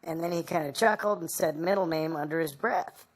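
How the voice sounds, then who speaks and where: A woman being interviewed, recounting a personal story in a halting, rambling way. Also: low voice. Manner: halting and rambling, full of "you know".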